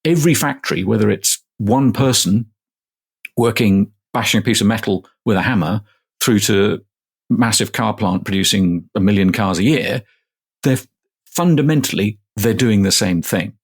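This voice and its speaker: A man's voice: fairly low pitch, moderate pace, slightly rough. A middle-aged man, a professor, answering interview questions casually and explaining step by step with everyday examples. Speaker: guest, manufacturing professor.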